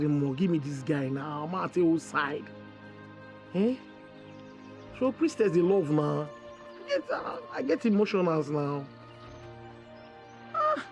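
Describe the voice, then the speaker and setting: A stammering, excitable young jobseeker. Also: male voice, fairly high pitch, exaggerated voice. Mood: musing. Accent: Nigerian English. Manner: stammering, effusive, slips into pidgin. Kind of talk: film drama acting.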